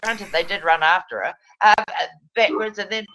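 A woman's voice: mid-range voice, normal speed, bright, forceful tone, poor audio. A middle-aged woman, chatting in a rambling, digressive way with frequent laughs. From New Zealand. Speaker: guest, former radio presenter. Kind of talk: casual chat.

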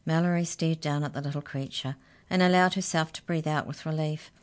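A woman narrating a children's story aloud in an expressive, gently dramatic way. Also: sits low, a little fast.

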